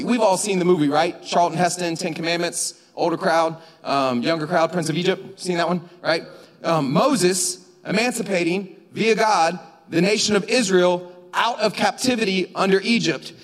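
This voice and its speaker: A man preaching a sermon in a church, talking conversationally and rising to shouts for emphasis. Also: sits high. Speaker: pastor. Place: church sanctuary. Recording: long reverb of a church hall.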